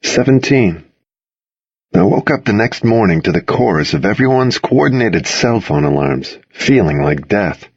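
A man narrating a first-person audiobook with intimate, expressive storytelling. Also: on the low side, unhurried, breathy edge, no echo, highs cut off.

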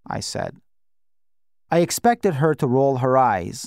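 A man narrating an audiobook in a measured, reflective way. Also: mid-range voice, darkish tone, dry recording, studio quality. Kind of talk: scripted narration.

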